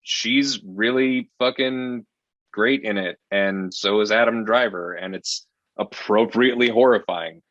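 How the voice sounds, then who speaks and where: A man's voice: on the low side, a little slow, fairly bright tone, no room sound, dull audio. Profane, rambling male film reviewer. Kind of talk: casual film review chat.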